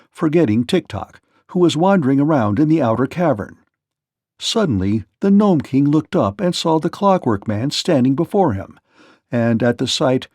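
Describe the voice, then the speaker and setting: A man narrates a children's storybook in a steady, expressive reading voice. His tone carries a gravelly rasp, and the recording is close and dry with no room sound. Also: medium pitch, no echo. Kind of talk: storybook read-aloud.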